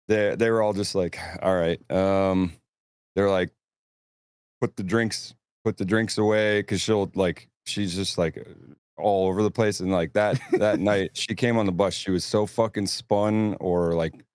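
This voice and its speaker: A man's voice: low voice, fairly even intonation, a little slow, a little mellow, smooth, no echo. A man casually telling rambling, profanity-laced stories about touring. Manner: rambling storyteller, swears freely. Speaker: touring band crew member. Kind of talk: casual podcast chat.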